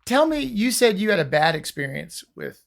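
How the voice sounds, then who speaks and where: A man's voice: sits high, very animated, moderate pace, creaky. A man hosting a podcast, asking short questions and reacting to a guest's answers. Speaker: podcast host. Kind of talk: interviewing.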